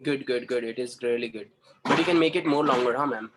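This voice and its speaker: A man's voice: medium pitch, fast talker, rough recording. A man teaching an online class, giving encouraging feedback to students and often repeating his praise. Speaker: communication trainer.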